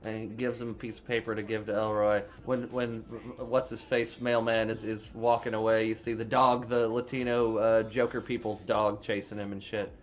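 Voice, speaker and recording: A man's voice: lowish voice, level tone, normal speed, few pauses, dull audio. A man casually retelling a movie plot in a rambling, profane, filler-heavy way. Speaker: movie reviewer. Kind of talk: casual spoiler recap.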